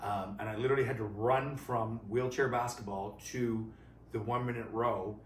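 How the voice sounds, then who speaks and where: Man from canada, animated storytelling, laughs easily, off-mic, roomy echo. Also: medium pitch, moderate pace, far from the mic. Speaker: co-host and athlete. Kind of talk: casual chat. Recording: echoey garage, voice a little off-mic, faint noise.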